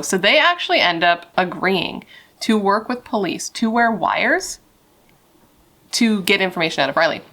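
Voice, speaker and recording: A woman's voice: lowish voice, animated, a little fast, sharp tone. A young woman telling a true crime story in a casual, chatty way, swearing and saying "like" a lot.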